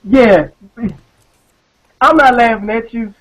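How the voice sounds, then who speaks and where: A man co-hosting an online live show, ranting in a casual, profane, animated way and often repeating words as he talks. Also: very high voice, takes it slowly, low-quality recording. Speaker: podcast co-host.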